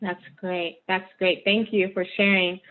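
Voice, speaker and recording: A woman hosting a community interview, asking her questions slowly with frequent "um"s. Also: medium pitch, level tone. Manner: measured questions with many fillers. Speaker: host, interviewer. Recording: tinny phone-like line.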